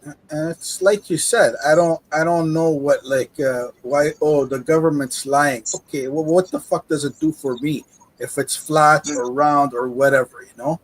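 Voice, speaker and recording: A man in casual chat, halting and searching for words. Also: on the high side, fairly even intonation, low-quality recording. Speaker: poker player chatting.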